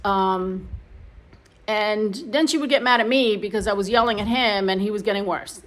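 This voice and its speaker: A woman's voice: mid-range voice, a little slow, fairly bright tone. Woman telling a painful story. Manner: emotional, rambling, restarts often. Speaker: vlogger sharing her story. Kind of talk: casual personal storytelling to camera.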